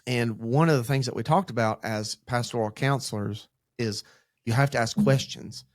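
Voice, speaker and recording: A man's voice: mid-range voice, moderate pace, no echo, clean studio sound. A man, co-hosting a church podcast as a pastor in training, telling stories about his kids in a casual, rambling way. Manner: rambling, animated storytelling with acted-out quotes. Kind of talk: casual faith discussion.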